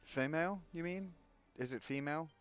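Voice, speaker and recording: A man's voice: on the high side, brisk. A man hosting a gaming channel, making sarcastic, joking comments while playing a game. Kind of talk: casual let's-play commentary. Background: game music.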